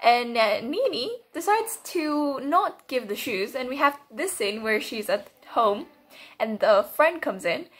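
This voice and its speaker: A high-pitched young woman chatting through her reaction to an episode. She is giggly and excitable, and her remarks keep tipping into laughter. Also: a little slow. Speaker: reaction video host. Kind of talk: casual reaction commentary.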